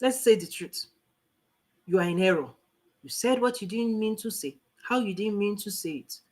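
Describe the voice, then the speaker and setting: A Nigerian woman teaching a live online coaching class in an animated, preachy way, laughing often. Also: mid-range voice, normal speed. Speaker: life coach.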